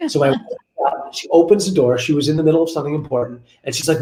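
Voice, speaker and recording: A lively man in his forties tells an anecdote as a guest on a web show, sitting in his office. He repeats key phrases for emphasis, and his voice sits a touch high. The video-call audio picks up a roomy echo off the office walls. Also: fast. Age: 40s. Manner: energetic, repetitive, storytelling. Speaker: guest business coach.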